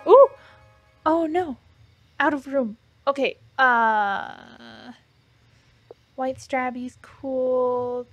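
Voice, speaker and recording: Woman let's play host, high and very unhurried, giggly and cooing over the game. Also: dry recording. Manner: cooing, giggly, easily delighted. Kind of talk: casual gameplay commentary.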